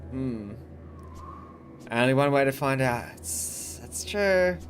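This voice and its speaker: A man's voice: medium pitch, animated, slow, slight background noise. A man streaming a strategy game, chatting casually and wryly with chat, laughing often. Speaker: gaming streamer. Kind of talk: casual let's-play commentary.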